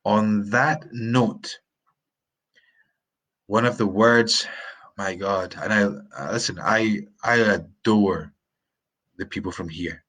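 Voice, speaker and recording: Slow, low-voiced man teaching pronunciation. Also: fairly bright tone, slightly rough. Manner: repeats words slowly to drill sounds. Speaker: English teacher. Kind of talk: live-streamed pronunciation lesson.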